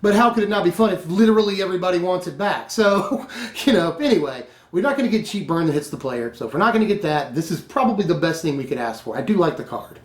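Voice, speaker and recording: A man's voice: high voice, lively intonation, fast talker. A man hosting his own channel, reviewing card spoilers in a casual, enthusiastic chat and laughing often. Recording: roomy echo.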